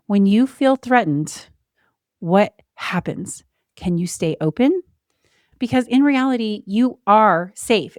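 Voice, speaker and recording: A woman hosting a solo podcast, speaking candidly and reflectively. She slows down and pauses deliberately to stress her points. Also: mid-range voice, a little mellow, dry recording, studio quality. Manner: candid and emotional, with brief laughs. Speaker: podcast host.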